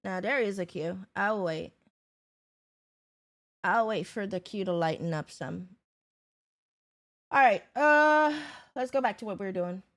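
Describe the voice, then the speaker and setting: A woman hosting a livestream, chatting casually and greeting viewers by name. She takes her time with her words and keeps a relaxed, unhurried flow. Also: mid-range voice.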